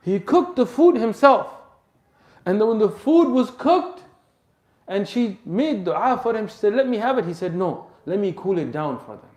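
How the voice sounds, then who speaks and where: A man's voice: very animated, moderate pace. A man preaching a sermon, telling a story dramatically and sprinkling Arabic religious terms into his English. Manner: dramatic, acts out the story's voices and drops soft and low at emotional moments. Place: mosque hall. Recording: echoey mosque hall.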